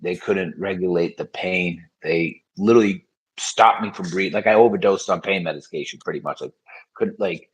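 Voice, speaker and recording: A man's voice: low-pitched, normal speed, breathy edge, poor audio. A man as a podcast guest, telling his story in frank, casual conversation with many fillers.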